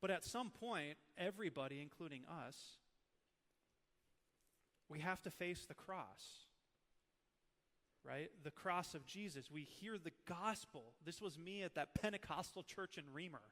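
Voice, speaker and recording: A man in his thirties, a preacher from Minnesota, teaching with animated, emotional personal stories. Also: on the high side, a little slow, pauses often, big-room sound.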